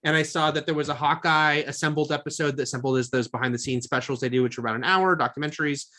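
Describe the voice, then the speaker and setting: A man's voice: on the high side, steady tone, fast, bright, forceful tone. A man co-hosting a film podcast, chatting casually and rambling with lots of fillers. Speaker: podcast co-host. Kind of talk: casual chat.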